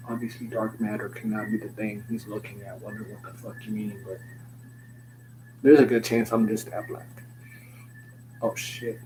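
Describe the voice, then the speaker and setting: Low-voiced man rambling in a vlog. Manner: meandering, joking, slangy, swears. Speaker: vlogger. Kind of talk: rambling stream-of-consciousness vlog. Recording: noticeable background hum.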